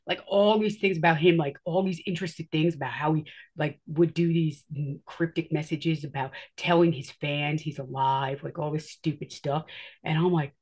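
A woman with a husky, slightly rough voice tells a personal story in a loose, rambling way. She leans on filler words and acts out what people said as she goes. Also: sits low, fairly even intonation, normal speed, a little mellow.

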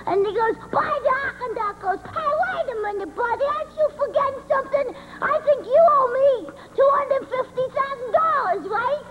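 A squeaky, high-voiced male Muppet monster does live puppet stand-up at a party, a chatty joke-teller rambling along at a moderate pace with hardly any pauses and capping lines with "right?". Loud music plays behind him, and the audio is dull lo-fi 1980s camcorder sound with faint noise.

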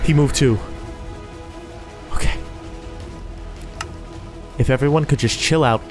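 A man's voice: mid-range voice, moderate pace, long pauses, soft background music. Jittery man narrating a scary game. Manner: jittery, talks himself through scares. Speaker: gaming YouTuber. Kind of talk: live gameplay commentary.

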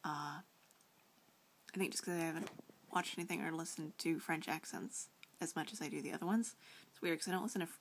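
A woman's voice: sits low, steady tone, fairly quick, long pauses, a little hiss or hum. A young woman vlogging a casual reply to a friend, rambling with lots of fillers and restarts, often giggling.

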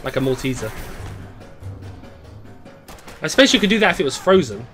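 A man's voice: fairly high pitch, very animated, racing, fairly bright tone, faint music behind. A young man casually commenting while he plays a game on a live stream, rambling and chatting to viewers. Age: young adult. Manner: rambling, chatty, reads out chat.

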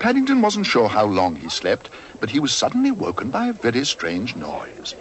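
A man narrating a cartoon storybook in a gentle, expressive way. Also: medium pitch, normal speed, noisy background.

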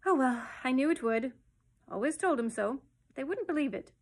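A woman's voice: expressive, moderate pace. A woman voicing a cheeky, chirpy male starling. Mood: wistful. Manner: perky, wheedling, shrill.

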